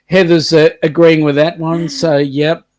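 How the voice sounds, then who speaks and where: A man's voice: fairly high pitch, little pitch movement, a little slow. A man with a mixed British and New Zealand accent co-hosting a casual live-stream chat, reading out viewer comments and joking around. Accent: British and New Zealand mix. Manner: chatty, reads out viewer comments, jokes around. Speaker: co-host.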